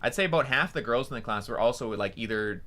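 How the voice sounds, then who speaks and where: Bright-voiced young man rambling a story. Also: medium pitch, animated, quick pace. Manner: rambling, many fillers and swearing. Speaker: streamer. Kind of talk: casual storytelling.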